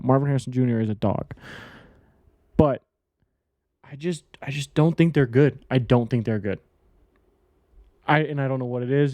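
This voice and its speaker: A man's voice: mid-range voice, dark tone, no room sound. A man hosting a casual solo sports betting podcast, blunt and rambling, repeating himself and swearing now and then.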